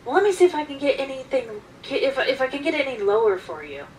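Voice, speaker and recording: A woman's voice: sits high, big pitch swings, quick pace, a little mellow, distant mic, a little hiss or hum, voice pushed up, rough recording. A woman voicing a pushy, overly cheerful male car salesman in a personal story.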